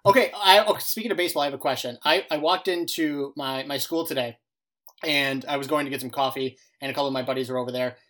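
A young man, a podcast co-host who coaches baseball, talking in casual chat and telling lively stories. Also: medium pitch, quick pace. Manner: animated storytelling, quotes others in lively bursts.

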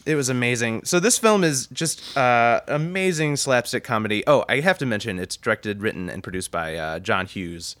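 A man's voice: mid-range voice, expressive, moderate pace, few pauses, fairly bright tone, dry recording. A man from the Chicago suburbs hosting a casual podcast chat, rambling and laughing as he retells scenes. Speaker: podcast host reviewing a film.

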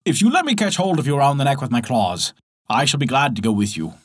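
A man's voice: medium pitch, sing-song, fast talker, husky. A man voicing a clever, wary crab in a read-aloud folktale, cautious and then defiant.

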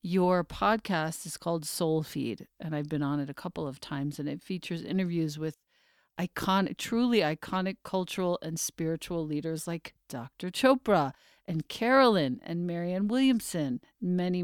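A woman's voice: fairly low pitch, animated, normal speed, clear, resonant tone, dry recording, studio quality. A woman podcast host introducing her guest in an earnest manner, listing his achievements item by item.

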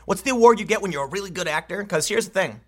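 Bright, animated male commentator. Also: high voice. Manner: exasperated, sarcastic, fast asides. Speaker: political commentator. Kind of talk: opinionated news commentary.

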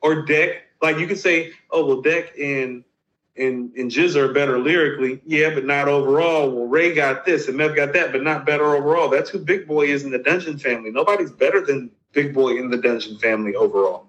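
A man's voice: a little high, brisk, a bit bright, dull audio. A man co-hosting a casual debate on a live stream, emphatic and insistent as he argues his point.

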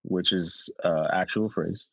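A man's voice: low-pitched, fairly even intonation, takes it slowly, creaky, a bit bright, no echo. A man co-hosting a casual podcast roundtable, joking around and riffing off topic. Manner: goofy, jokey, riffs and goes off topic. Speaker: podcast co-host.

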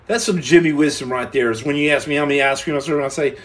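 A young man hosting a livestream from a room at home, answering viewer comments with boastful deadpan jokes and tall tales. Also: a little high, quick pace. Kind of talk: joking livestream chat.

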